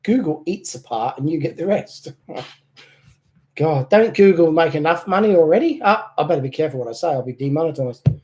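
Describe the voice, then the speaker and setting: Self-deprecating and chuckling, the middle-aged host of a model-car channel keeps his casual live stream light with jokes. His voice leans high and expressive, fairly quick, with a darkish tone.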